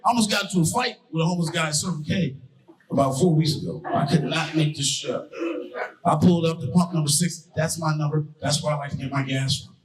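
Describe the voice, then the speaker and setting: A man's voice: on the high side, fast talker, poor audio. A man from Brooklyn doing a profane, conversational stand-up set on a live stage. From Brooklyn, New York. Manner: profane, conversational, punchy delivery. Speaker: stand-up comedian. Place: live comedy stage with audience. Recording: live show with loud crowd.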